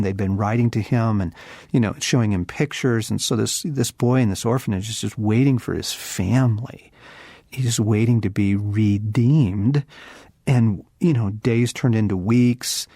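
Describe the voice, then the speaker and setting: Earnest low-voiced man teaching, dry sound. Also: dry recording. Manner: earnest, reflective, slows and softens on key phrases. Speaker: Christian author and teacher. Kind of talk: devotional teaching talk.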